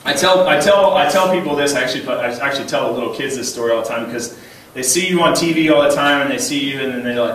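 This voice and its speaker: A man's voice: on the high side, normal speed, pauses often. A man in his thirties gives a light, humorous speech at a banquet and tells personal stories with plenty of chuckles. He restarts his sentences often, and his voice sounds distant and washed in heavy reverb from a large hall. A faint hum of room noise sits underneath. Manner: animated, chuckling often, repeats words when starting a thought. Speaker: banquet keynote speaker. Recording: very echoey hall, voice heard from a distance.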